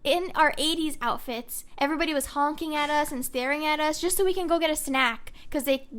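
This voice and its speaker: A woman's voice: high voice, a little fast, a bit bright, slight background noise. A woman co-hosting a podcast, recounting details in a matter-of-fact casual way. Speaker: podcast co-host. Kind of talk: casual chat.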